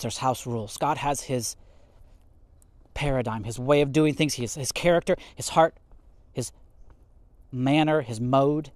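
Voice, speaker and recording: A man giving a casual podcast sermon on scripture, animated and laughing often as he acts out quotes. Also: fairly high pitch, dry recording. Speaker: podcast Bible teacher.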